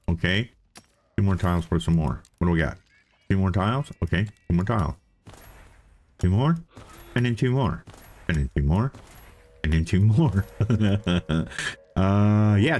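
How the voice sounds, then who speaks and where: A man with a low, slightly mellow voice hosts a let's play, chatting casually as he plays. His commentary is playful self-talk, full of thinking aloud and repetition.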